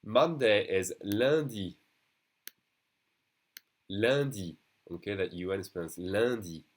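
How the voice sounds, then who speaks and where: A young man from France with a French accent, teaching a beginner language lesson and patiently repeating words slowly for practice. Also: fairly low pitch, lively intonation.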